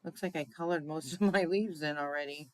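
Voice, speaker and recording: A woman's voice: sits low, a little fast, dry recording, rough recording. A woman hosting a card-making tutorial in a chatty way, often checking in with "right?" and laughing at her own slips. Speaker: crafting demonstrator.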